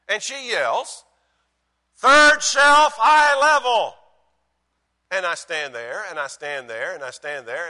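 This male preacher swings from booming stress to hushed delivery, sprinkling in folksy, self-deprecating anecdotes. His pitch is fairly high, and the room leaves a long reverb tail.

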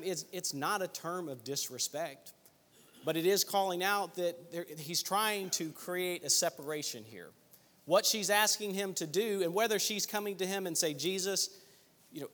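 A man's voice: on the high side, fairly bright tone, in a large hall. A man leading a Bible study group, teaching conversationally and thinking aloud with small restarts.

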